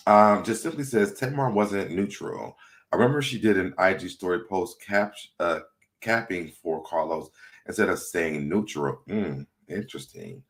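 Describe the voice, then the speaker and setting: A livestream host with a low voice and moderate pace chats casually, laughing often as he reads viewer comments aloud.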